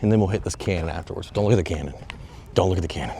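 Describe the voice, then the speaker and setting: Young dude vlogging into his phone on a stick, real low voice, hyped and joking, kinda out of breath. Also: rapid-fire, vocal fry, a little hiss or hum. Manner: excitable and joking, swears, talks straight to viewers. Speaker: travel vlogger. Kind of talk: casual walking vlog talk. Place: outdoors and in stone tunnels of a sea fortress. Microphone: phone on a selfie stick.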